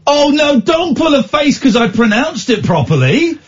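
Teasing radio host, lively pitch. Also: male voice, normal speed, muffled recording. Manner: teasing, mock-exasperated, jokey. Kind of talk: casual radio banter.

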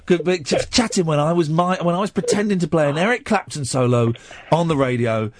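A man's voice: fairly high pitch, a little fast, dry recording. A man hosting a radio show who tells a rambling, playful comic story and slips into funny voices. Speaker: radio host. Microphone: studio microphone.

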